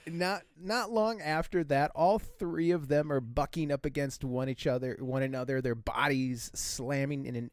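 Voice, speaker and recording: A man co-hosting a podcast, casually recounting a book's plot with halting fillers and frequent laughs. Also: medium pitch, no room sound, clean studio sound. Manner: laughs often while telling. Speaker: podcast co-host. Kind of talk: casual chat retelling a book.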